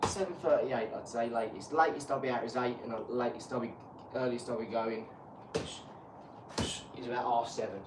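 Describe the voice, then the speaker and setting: Livestreaming from his home gym mid-boxing session, this man in his 40s speaks at medium pitch in a steady tone and moderate pace. His talk wanders, casual and full of swearing, picked up by a far-off mic in an echoey space with heavy background noise.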